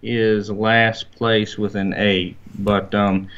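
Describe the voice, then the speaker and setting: A man's voice: fairly low pitch, flat delivery, takes it slowly, a bit bright, clear, resonant tone. Man, Southern accent, easygoing podcast chat, muffled lo-fi line. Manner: easygoing, filler-heavy. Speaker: podcast regular guest.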